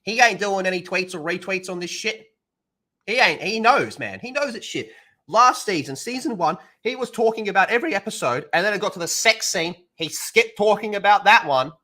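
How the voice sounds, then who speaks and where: A male streamer ranting on his livestream, swearing freely and dripping with sarcasm. His voice sits a little high and sounds bright and sharp. The pitch swings widely as he works himself up. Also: animated, normal speed. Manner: heated, profane, sarcastic ranting. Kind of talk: livestream rant.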